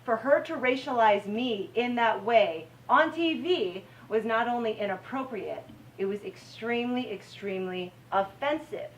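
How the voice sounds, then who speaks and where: American woman anchor speaking at a campus event, expressive storyteller, heard from a little off-mic with a faint hum behind. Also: fairly high pitch, a little slow. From United States. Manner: animated storytelling, acts out her own reactions. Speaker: TV news anchor giving a talk. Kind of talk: campus talk to students. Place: university lecture room. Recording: slightly distant mic, faint room noise.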